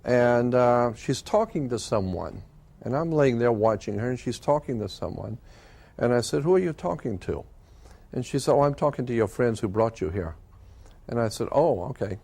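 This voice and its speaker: An older man telling a personal story as an interview guest, earnest and halting, with frequent fillers and restarts. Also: medium pitch, animated, a little mellow.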